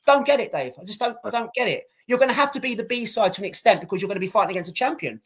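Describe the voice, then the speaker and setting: A man's voice: sits high, lively intonation, fast, few pauses, a bit bright, breathy edge. A man co-hosting a casual boxing podcast, ranting and swearing with lots of repetition. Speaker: podcast co-host.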